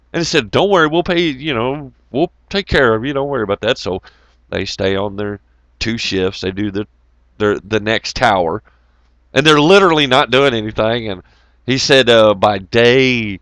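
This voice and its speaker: A man's voice: mid-range voice, fairly bright tone, no echo. Profane, rambling man. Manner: profane, rambling, laughs often. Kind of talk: casual rambling storytelling.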